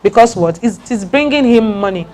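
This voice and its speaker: A woman giving a lively branding talk to an audience, repeating her key points with emphasis. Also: a little high, normal speed, slight background noise.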